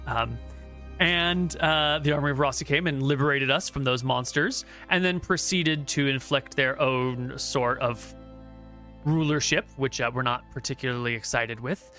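A man voicing a weary new lord of a besieged outpost who talks haltingly and pleads for help, played over an online voice call. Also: medium pitch, pushed and bright, faint music behind. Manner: halting, pleading, full of fillers.

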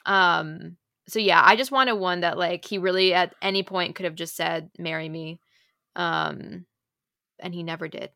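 A woman co-hosting a casual podcast chat, retelling book scenes with lively acted-out quotes. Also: lowish voice, unhurried, gravelly, dry recording, clean studio sound. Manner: animated, acts out scenes in loud quoted voices. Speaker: podcast co-host.

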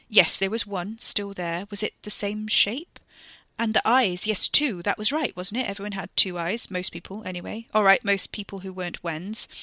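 A woman reading a serialized story aloud with expressive, tense narration. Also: mid-range voice, no room sound. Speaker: reader.

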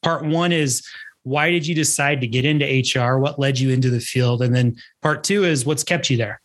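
A man's voice: mid-range voice, moderate pace. A man hosting a podcast interview, friendly and encouraging, asking questions in a casual way. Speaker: podcast host.

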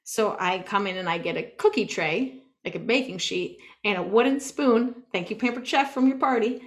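A woman co-hosting a podcast, telling a story in a casual, animated way, full of "like" and acting out what she said. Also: mid-range voice, moderate pace. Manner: animated, peppered with "like", acts out her own quotes. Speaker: podcast co-host.

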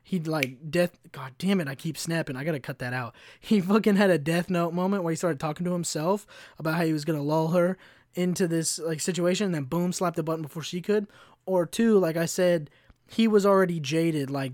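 A young man on his own podcast, swearing his way through a heated rant. His voice sits a bit high, and it is recorded dry and close with no room sound. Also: fairly quick, darkish tone, no room sound. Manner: profane, heated ranting. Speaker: podcast host.

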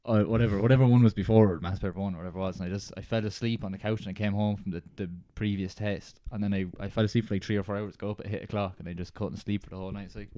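A young Irish man with a fairly low voice tells rambling stories in a casual podcast chat. He leans on "like" between almost every phrase. The sound is dry and close to the mic. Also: steady tone, racing, few pauses, warm tone, no room sound. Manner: rambling storyteller, many "like" fillers. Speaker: podcast co-host.

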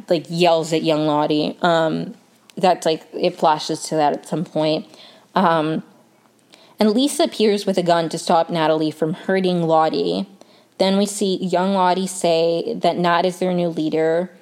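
A TV recap vlogger, a woman with a fairly low, darkish voice, talks through an episode in a casual, chatty way. Her speech is packed with fillers like "um" and "like."

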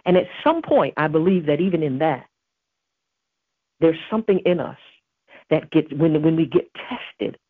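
A woman with a husky, breathy voice preaches a devotional message with earnest emphasis, weaving in scripture. The sound is dry and narrow, like a phone line. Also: deep voice, expressive, moderate pace, pauses often, no echo. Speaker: podcast host.

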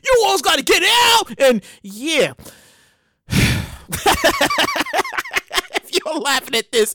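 A man with a very high, wildly swinging voice hosts his own comedy show, riffing loudly on strange news stories. He curses freely and keeps breaking into laughter and cries of exclamation. His tone is bright and the recording is close and dry. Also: no echo. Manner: loud, animated, cursing, often breaks into laughter and exclamations. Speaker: podcast host.

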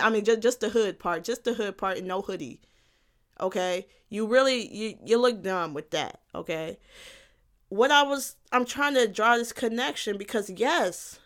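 A woman's voice: on the high side, fairly bright tone. Blunt, profane young woman ranting. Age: young adult. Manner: blunt, profane, repeats her points, laughs at herself. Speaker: podcast host. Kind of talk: casual solo podcast rant.

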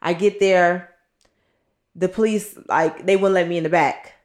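This podcast co-host, a woman in her thirties, has a fairly low, darkish voice with fairly even intonation and a measured pace. She recounts a personal story bluntly and candidly, swearing freely and acting out others' words, with a roomy echo around her.

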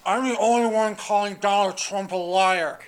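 A man's voice: high voice, steady tone, normal speed, clean tone, lightly acted. A man doing a mocking impression of a blustering male politician, taunting and sneering.

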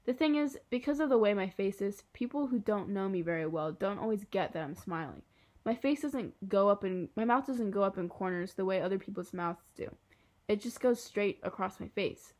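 A woman narrating a first-person children's novel. Her delivery is soft and earnest, at a plain mid pitch. She tells the story in a steady storytelling voice. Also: normal speed. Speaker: audiobook reader.

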